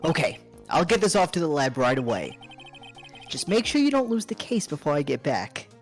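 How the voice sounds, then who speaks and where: A loyal, goofy detective pipes up eagerly, as read by a woman. The delivery is lively and bouncy, with light game music behind it. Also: sits low, moderate pace. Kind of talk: reading game dialogue aloud on stream.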